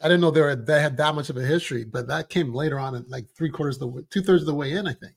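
Gravelly man, halting movie talk. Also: on the high side. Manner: hesitant, searching for words with ums. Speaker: podcast co-host. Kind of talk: casual movie review chat.

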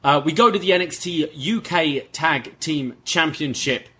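A man co-hosting a podcast, giving a relaxed, filler-heavy recap of a wrestling show. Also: on the high side, unhurried, breathy edge. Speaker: podcast co-host.

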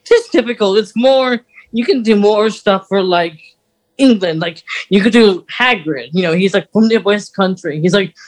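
A man's voice: high-pitched, moderate pace, rough recording. A man co-hosting a podcast in casual chat, rambling with many "like"s and "you know"s. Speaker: podcast co-host.

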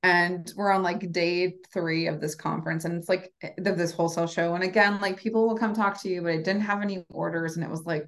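A woman's voice: on the low side, a little fast, few pauses. Chatty woman telling a story. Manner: animated storyteller, acts out quoted voices, many fillers. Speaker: podcast guest, lingerie brand founder. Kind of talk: casual storytelling interview.

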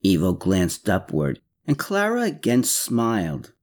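Male audiobook reader, measured and expressive, lively pitch movement. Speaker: audiobook narrator. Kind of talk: scripted narration of a novel.

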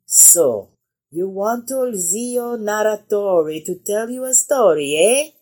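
A woman voicing a kindly old male village storyteller in a storybook, unhurried and teasing. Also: medium pitch, expressive, mellow, voice pushed up.

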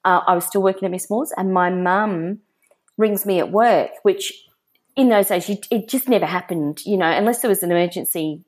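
A woman's voice: medium pitch, normal speed. A middle-aged woman with an Australian accent, telling a personal story in a chatty interview, full of fillers and restarts. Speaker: interview guest. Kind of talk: storytelling in casual conversation.

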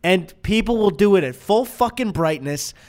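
A man's voice: sits high, moderate pace. A young man co-hosting a podcast, telling a story in casual chat, swearing freely and acting out what people said. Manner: animated storyteller, acts out quotes. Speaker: podcast co-host.

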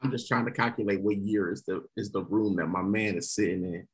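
A fast-talking man who laughs often, chatting casually as a guest. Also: on the low side, slight background noise. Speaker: comedian guest. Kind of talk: casual chat.

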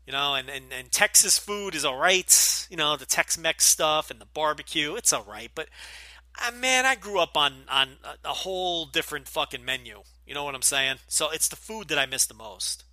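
A man's voice: on the high side, animated, normal speed, bright, forceful tone, no room sound. A man with a light New Jersey accent hosting a casual podcast Q&A, talking bluntly and profanely, full of opinions and asides. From Northeastern US, New Jersey. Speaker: podcast host.

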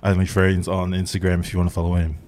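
A man's voice: sits low, completely flat delivery, quick pace, darkish tone, slight background noise. Laid-back man hosting a podcast. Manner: joking, teasing and laughing often. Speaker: podcast host. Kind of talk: casual podcast chat.

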